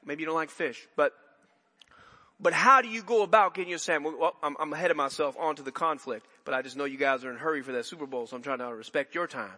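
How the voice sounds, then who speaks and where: Male pastor, conversational sermon full of asides and restarts, lifted pitch, echoing church. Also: fast, pushed and bright. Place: church sanctuary.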